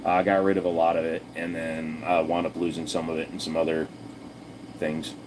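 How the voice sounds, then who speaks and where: A man's voice: a bass voice, level tone, brisk, background noise. A man hosting a casual livestream, answering chat in a blunt, profane, rambling way with plenty of fillers. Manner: chatty, talks straight to viewers.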